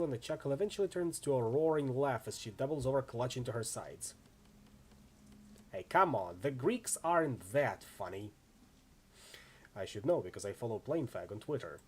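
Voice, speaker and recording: A man reading a game's narration and dialogue aloud, with a soft, low narration and a playful edge. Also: husky. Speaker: game reader.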